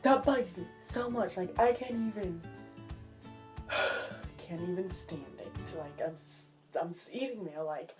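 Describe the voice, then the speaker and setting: A woman's voice: fairly low pitch, unhurried, over music. A woman vlogging in a casual, chatty way, sounding exasperated and filling her talk with "like". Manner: chatty, exasperated, filler-heavy with "like". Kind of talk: casual vlog chat.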